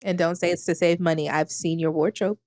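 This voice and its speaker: A woman's voice: lowish voice, steady tone, fairly quick, a little mellow. A young adult woman co-hosting a podcast in casual chat, reading listener comments aloud and laughing often. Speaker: podcast co-host.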